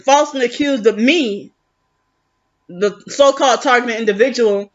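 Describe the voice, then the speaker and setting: A woman's voice: fairly high pitch, normal speed, highs cut off. A woman venting in a rambling, aggrieved vlog monologue, often restarting her sentences. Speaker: vlogger.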